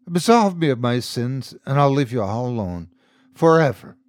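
A man's voice: medium pitch, lively intonation, normal speed, no echo, lightly acted. A man voicing a remorseful, frightened man who claims to be God, confessing and pleading in a horror story.

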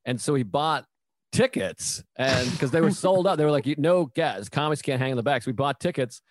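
A man hosting a casual comedy chat, telling stories with animated quoted voices. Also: medium pitch, moderate pace, no room sound, clean studio sound. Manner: animated storyteller, acts out quotes. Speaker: comedian host.

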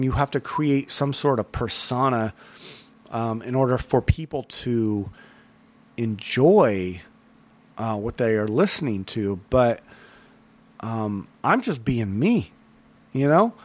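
A man hosting a solo podcast recap, talking in an earnest, rambling way with lots of fillers and restarts. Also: mid-range voice. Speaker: podcast host.

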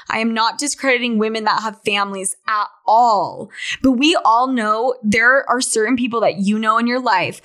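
A woman's voice: fairly high pitch, fairly bright tone. Chatty young woman podcasting. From Salt Lake City, Utah, USA. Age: 20s. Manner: candid, chatty, swears freely, says "like" often. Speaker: podcast host. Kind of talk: casual monologue.

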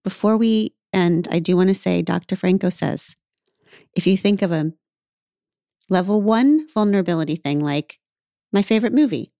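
A woman's voice: mid-range voice, animated, normal speed, warm tone, no echo. Dry-sounding woman podcast host. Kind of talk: casual podcast interview.

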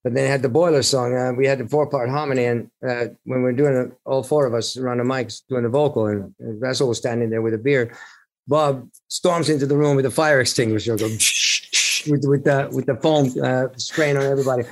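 Being interviewed, the middle-aged rock singer from Finland spins casual, rambling stories full of laughs and restarts. He speaks a little fast in a steady, medium-pitched voice, and the audio quality is poor.

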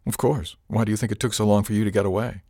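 A man's voice: lowish voice, fairly even intonation, fast talker, mellow, no room sound, clean studio sound, lightly acted. A man voicing a shrewd, wry older woman captain who speaks matter-of-factly, in an audiobook.

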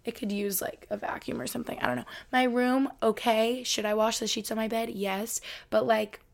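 A woman's voice: a little high, level tone, normal speed, gravelly. A woman in her twenties, from upstate New York, hosting a solo podcast from her bedroom floor in a rambling, chatty way full of "like". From Albany, New York. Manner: rambling, chatty, lots of 'like'. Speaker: podcast host. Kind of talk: casual solo podcast chat.

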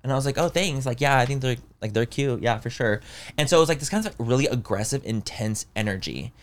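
A young man in casual chat, telling an animated story full of "like" and acting out the lines of others. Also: mid-range voice, fast talker. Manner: animated storytelling, heavy use of "like", acts out dialogue. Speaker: storyteller on a podcast.

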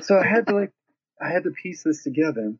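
A man spins a rambling, profane anecdote in a casual chat, slipping into the voices of everyone in it. His voice is husky, and the recording sounds slightly dull and lo-fi. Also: a little high, a little fast. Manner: animated, profane, acts out quoted voices. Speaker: guest storyteller. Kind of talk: casual storytelling.

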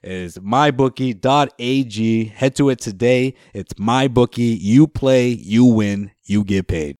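A man's voice: medium pitch, unhurried, darkish tone, no room sound, clean studio sound. A man hosting a casual sports podcast, talking animatedly and slipping into mock voices to joke. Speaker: podcast host.

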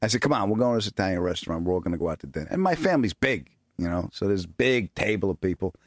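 A man hosting a podcast, telling comic stories in an animated, laughing way and acting out quotes. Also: deep voice, very fast, no echo, clean studio sound. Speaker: podcast host. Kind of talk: casual comedic storytelling.

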